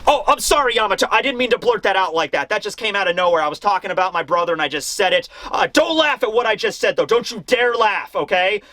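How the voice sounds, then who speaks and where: A man's voice: high-pitched, quick pace, few pauses, bright, forceful tone, dry recording, voice pushed up. A man voicing a young male pirate who is flustered and defensive about his brother. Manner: embarrassed and protective.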